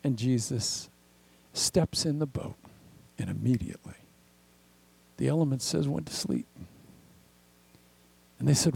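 An older man preaching a sermon as pastor, animated and acting out the voices he quotes. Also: mid-range voice, a little slow, vocal fry, pauses often, breathy edge, low-quality recording.

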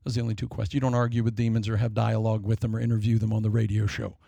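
A man preaching a sermon, dramatic and storytelling, acting out voices in quick asides. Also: fairly low pitch, flat delivery, creaky, dark tone, no room sound. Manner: dramatic, acts out demons and people in quick asides.

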